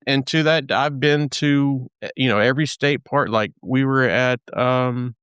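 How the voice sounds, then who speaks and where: A man's voice: mid-range voice, unhurried, a bit bright, smooth, dry recording, clean studio sound. A man from Texas hosting a podcast in casual chat, rambling with lots of fillers and restarts. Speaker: podcast host.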